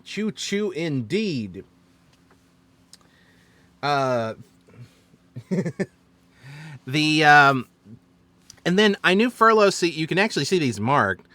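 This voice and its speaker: A man's voice: on the high side, animated, takes it slowly, long pauses, pushed and bright, dry recording. A man as dungeon master, chattily recapping and explaining his choices on a stream. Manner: chatty, explaining with fillers and self-corrections.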